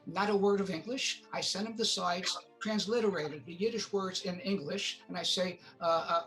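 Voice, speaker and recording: A man interviewed as a film producer tells casual stories haltingly, with many fillers and restarts, acting out what others said. His voice sits high, steady and a bit bright. Faint music plays behind him on a low-quality recording.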